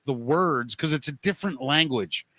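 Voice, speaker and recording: A man's voice: medium pitch, moderate pace, bright, forceful tone, no echo. A man hosting a podcast, telling a rambling everyday story in a casual chat, with plenty of "you know" fillers. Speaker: podcast host.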